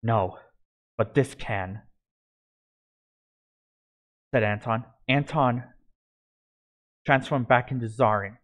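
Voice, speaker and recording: A man reading his own fantasy story aloud, in a plain delivery that often stumbles and restarts. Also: mid-range voice.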